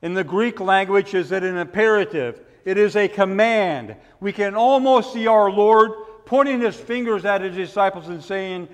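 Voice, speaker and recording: A man preaching a sermon, asking rhetorical questions and building to forceful emphasis. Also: sits high, normal speed, hardly any pauses, big-room sound. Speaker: pastor.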